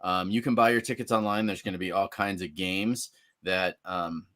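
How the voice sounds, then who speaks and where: A man with a fairly low voice co-hosts a casual sports podcast. He reads out event listings and keeps breaking into amused asides. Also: fairly even intonation, moderate pace, fairly bright tone, no room sound, studio quality. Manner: jokey, laughs while reading event details. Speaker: podcast co-host.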